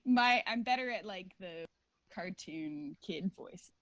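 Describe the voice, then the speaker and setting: A woman's voice: lowish voice, animated, slow pace, a bit bright, dry recording, rough recording. A woman chatting as a guest on an interview show, rambling and packing her talk with filler words. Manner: laughs often while talking. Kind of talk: casual chat.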